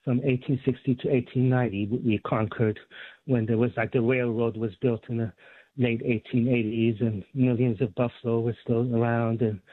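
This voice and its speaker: A man from the San Francisco Bay Area calling in to a radio talk show, rambling about history with many pauses and fillers. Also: mid-range voice, no echo. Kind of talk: phone call to a talk show. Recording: tinny phone line.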